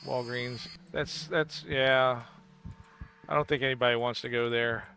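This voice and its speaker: A man's voice: medium pitch, fairly even intonation, unhurried, sharp tone. A man streaming a game from his computer, chatting in a rambling, jokey way and laughing at his own puns. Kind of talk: casual chat while playing a game.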